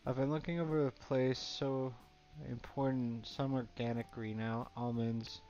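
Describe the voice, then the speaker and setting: A man's voice: mid-range voice, little pitch movement, a little slow, darkish tone, lightly acted. A man reading the lines of an eager young woman model from a game, in his own plain voice. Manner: reading dialogue aloud plainly. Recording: dull lo-fi, faint game music.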